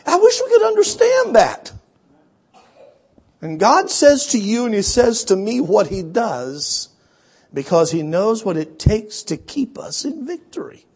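A man preaching a sermon, animated, acting out quoted voices and swinging between shouts and hushed asides. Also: high-pitched, a little slow, breathy edge.

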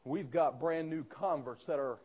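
A pastor preaching a sermon, telling a story with quoted dialogue and rising to fervent outbursts. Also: male voice, fairly high pitch, measured pace, a little mellow, breathy edge.

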